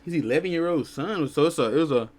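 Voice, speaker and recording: Lively, rambling male streamer. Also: fairly high pitch, fast talker. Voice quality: loose, rambling, self-interrupting talk. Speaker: streamer reacting to a video. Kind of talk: casual live-stream commentary.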